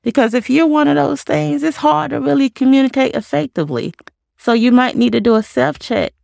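Gravelly-voiced woman giving calm advice. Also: high voice, brisk, no echo, studio quality. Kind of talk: casual advice talk.

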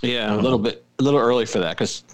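A man's voice: medium pitch, fast talker. A man from Philadelphia co-hosting a podcast, chatting casually and joking at his own expense with frequent giggles. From Philadelphia, USA. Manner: joking, giggly, self-deprecating. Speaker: podcast co-host. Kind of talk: casual chat.

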